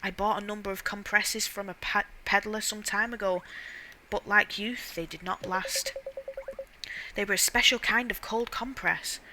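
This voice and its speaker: A woman's voice: medium pitch, fairly even intonation, moderate pace, sharp tone, a little hiss or hum, poor audio. Woman doing a frail old man, half-whispered. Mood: weary. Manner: weary, groaning, half-whispered. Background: game music.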